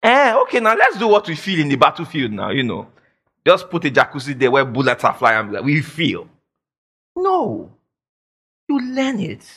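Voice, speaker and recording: A male pastor delivers a sermon in a high, animated voice that swoops all over. He presses his points by repeating phrases and breaks into shouted declarations. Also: normal speed, husky. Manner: quotes imagined listeners in mock voices.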